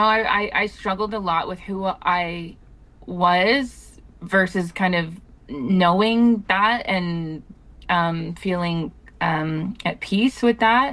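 A woman from Canada, a musician guest, speaking softly and reflectively with hesitant fillers, calling in to an interview. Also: mid-range voice. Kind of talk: interview over a call.

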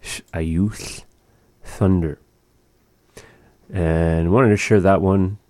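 A man leads a language lesson in a slow, patient way, repeating each word for his listeners. His voice sits very low and sounds mellow. The recording is dry and close. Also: steady tone, no echo. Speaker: language teacher.

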